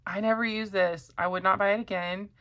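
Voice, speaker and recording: A woman's voice: mid-range voice, fairly even intonation, fairly quick, a bit bright. A woman chatting casually to camera as a pen reviewer, rambling with many ums and likes.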